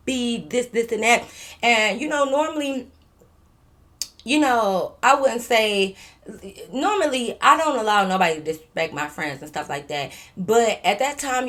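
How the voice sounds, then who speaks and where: A young woman, telling a storytime in casual, slangy chat and acting out what people said. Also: medium pitch. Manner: animated, slangy, acts out quotes and drops to a whisper.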